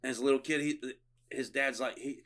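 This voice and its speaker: Bright, profane man retelling a movie. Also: medium pitch, brisk. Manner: profane, excitable storytelling with frequent restarts. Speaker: podcast host. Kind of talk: casual film review chat.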